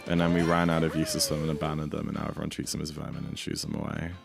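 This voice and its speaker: A young British man chatting casually while streaming a speedrun, rambling with sudden excited outbursts. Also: rumbling low, racing, vocal fry, music in the background. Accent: British English. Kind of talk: casual livestream chat.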